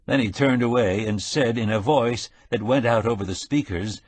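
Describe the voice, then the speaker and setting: A man narrating a mystery audiobook in a measured, steady storytelling manner. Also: fairly low pitch, husky, dry recording. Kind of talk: scripted narration.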